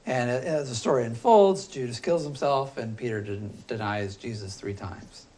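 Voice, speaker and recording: A man teaching a philosophy class, talking loosely and thinking aloud with frequent pauses and fillers. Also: mid-range voice, a little mellow. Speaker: philosophy instructor. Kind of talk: classroom lecture.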